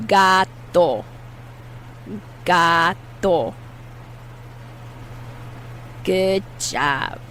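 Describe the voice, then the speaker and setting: A woman teaching Spanish vocabulary in a patient way, saying each word slowly and repeating it for learners. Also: on the low side, a bit bright, a little hiss or hum, poor audio. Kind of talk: slow, clear language lesson.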